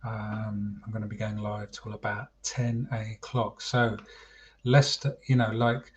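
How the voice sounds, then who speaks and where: A man's voice: on the low side, little pitch movement, unhurried, a little hiss or hum. A man hosting a casual football chat livestream, chatty and calling his viewers mate. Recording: dull lo-fi stream audio.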